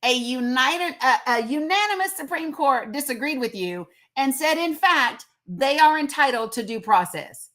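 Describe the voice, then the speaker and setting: A woman's voice: sits high, lively intonation, normal speed, few pauses, fairly bright tone. A woman hosting a casual livestream, talking emphatically and repeating words for effect. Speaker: livestream host. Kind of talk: casual live commentary.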